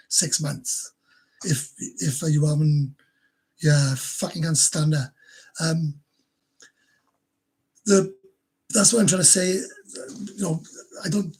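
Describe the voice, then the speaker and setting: A man's voice: a little high, darkish tone, husky. A man with a Welsh accent hosting a casual livestream, rambling, swearing freely and stumbling over repeated words as he answers viewers. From Wales. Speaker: livestream host.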